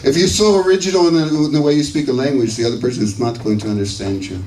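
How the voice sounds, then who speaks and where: A man's voice: mid-range voice, fairly even intonation, fast, darkish tone. A man in his sixties from the United States, giving a conversational conference lecture and checking in with his audience with "okay" and "right". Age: 60s. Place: lecture hall. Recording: echoey hall, distant mic, faint hiss.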